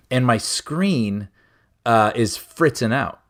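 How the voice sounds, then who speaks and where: A man's voice: medium pitch, lively intonation, slow pace, a bit bright. A man co-hosting a podcast, casually telling a funny story and laughing often. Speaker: podcast co-host. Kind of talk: casual chat, anecdote telling.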